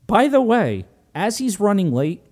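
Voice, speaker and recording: A man casually recapping a movie as a podcast host, animated, joking and profane. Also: sits high, a little slow. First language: Italian heritage, speaks English.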